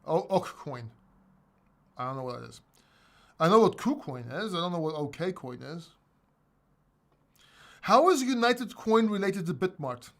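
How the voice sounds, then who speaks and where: A man hosting a casual livestream chat, animated and emphatic, talking bluntly and swearing now and then. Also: sits high, a little slow, long pauses. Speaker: host.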